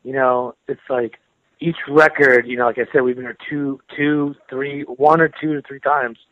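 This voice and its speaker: An American man talks about his career over a phone line that sounds thin and boxed-in, with no room around him. His speech is loose and friendly, full of repeated words and quick laughs. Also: mid-range voice, no echo. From United States. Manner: relaxed, chatty, laughs often, repeats words. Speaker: interviewed metal guitarist. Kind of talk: casual phone interview. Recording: tinny dry phone line.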